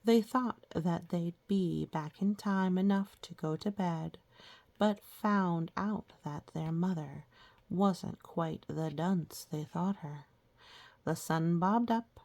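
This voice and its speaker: A woman reads old children's rhymes aloud at an unhurried, slow pace, her low voice carrying a gravelly fry. Between rhymes she stops to gently explain the lessons. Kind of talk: reading rhymes aloud with commentary.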